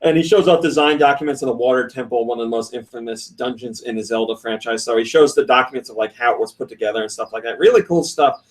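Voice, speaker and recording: A man hosting a casual podcast, reading listener comments and retelling stories in an animated way, often laughing. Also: medium pitch, fast, hardly any pauses, far from the mic. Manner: animated storytelling with frequent laughs; reads listener comments aloud. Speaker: podcast host.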